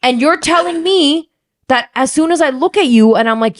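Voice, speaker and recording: A young adult woman co-hosting a podcast, chatting casually with dramatic, animated storytelling. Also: high voice, moderate pace. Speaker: podcast co-host. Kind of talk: casual chat.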